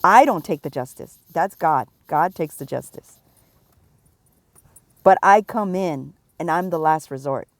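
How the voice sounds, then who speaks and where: A middle-aged woman giving a prophetic warning, stern and emphatic, pressing her points with slow repetition. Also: low voice, animated, no room sound. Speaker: self-described prophet.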